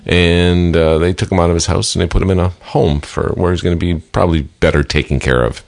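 A man's voice: sits low, steady tone, brisk, creaky, darkish tone. A man co-hosting a morning show, chatting casually, teasing his partner and laughing often. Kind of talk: casual radio chat.

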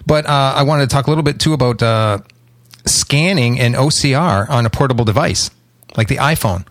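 A man's voice: medium pitch, a little fast, fairly bright tone, dry recording, studio quality. A man co-hosting a casual podcast, rambling and searching for words as he explains tech. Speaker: co-host. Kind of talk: casual chat.

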